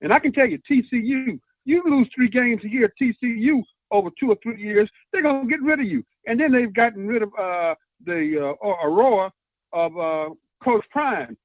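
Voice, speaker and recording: A male caller to a talk show making an earnest point, halting and full of "uh" pauses. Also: high-pitched, no echo. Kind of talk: earnest call-in commentary. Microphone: phone. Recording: tinny phone line.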